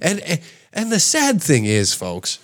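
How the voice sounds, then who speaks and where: A man's voice: on the high side, wildly swooping pitch, unhurried, fairly bright tone. A man in his thirties hosting his own podcast, nasal and congested from a cold, rambling in a crude, self-mocking way. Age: 30s. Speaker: podcast host. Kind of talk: casual solo podcast talk.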